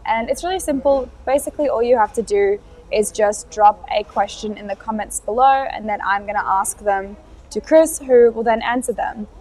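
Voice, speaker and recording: Woman host for a live stream, bright higher voice, friendly, with a few ums. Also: moderate pace. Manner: upbeat, friendly, with frequent "um" fillers.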